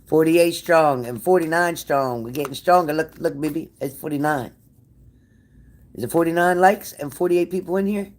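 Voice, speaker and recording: A woman's voice: low voice, moderate pace, darkish tone. A woman hosting a casual livestream, blunt and sassy, cursing freely as she answers viewer comments. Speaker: livestream tarot reader.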